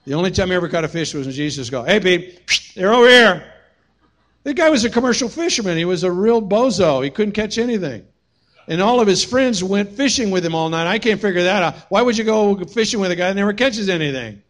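A pastor preaches a sermon in a high, fast male voice, telling stories and tossing in humorous, animated asides.

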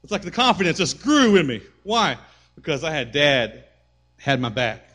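A man preaching a sermon as pastor in a church, animated storytelling that rises to shouts. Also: a little high, moderate pace. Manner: animated storytelling, acting out voices and shouting at peaks. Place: church sanctuary.

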